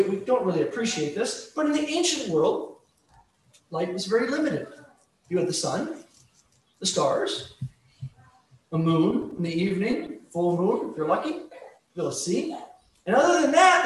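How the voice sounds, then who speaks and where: Animated male preacher in an echoey room. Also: sits high. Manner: conversational teaching, acts out scenes. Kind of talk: sermon. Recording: echoey room, distant mic, faint noise.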